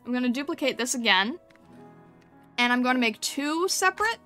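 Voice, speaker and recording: A woman's voice: high voice, expressive, moderate pace, bright, forceful tone, soft background music. A woman streamer chatting casually with her chat and thinking aloud while she paints over and critiques thumbnails.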